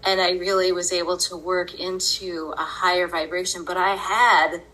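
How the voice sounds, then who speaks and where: A woman hosting a podcast, telling a personal story in an earnest, unhurried way and often breaking into laughter. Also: lowish voice, little pitch movement, bright, forceful tone, low-quality recording. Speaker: podcast host.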